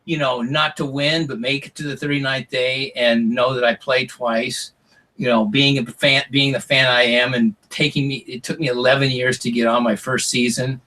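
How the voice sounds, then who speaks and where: A man's voice: medium pitch, level tone, normal speed, sharp tone, rough recording. A man telling long stories as an interview guest, rambling with lots of "like" and "you know". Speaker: interview guest, former reality show contestant. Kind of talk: casual interview storytelling.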